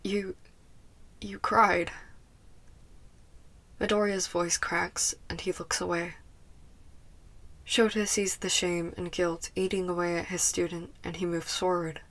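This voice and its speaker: A woman narrates a fan fiction audiobook with a soft, even delivery. Her voice sits a little low for a woman. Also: measured pace. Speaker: podfic reader. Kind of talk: scripted narration.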